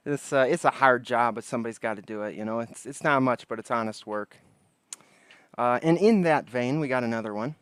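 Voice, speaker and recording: Smooth-voiced joking livestream host. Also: male voice, medium pitch, a little fast, fairly bright tone, no room sound. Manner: joking, greets chatters by name. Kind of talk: casual late-night chat. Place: outdoors on a porch.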